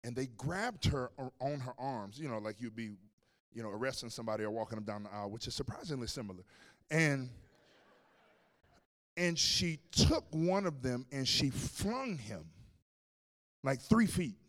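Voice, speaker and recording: A male pastor preaching a sermon, telling a story with animated swings between loud and hushed. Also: medium pitch, normal speed.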